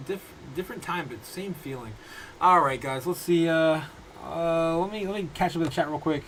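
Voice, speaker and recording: A man in his thirties hosting a casual crypto livestream from his home, rambling through viewer comments with halting restarts and frequent laughs. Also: on the high side, a little hiss or hum, poor audio. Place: home room.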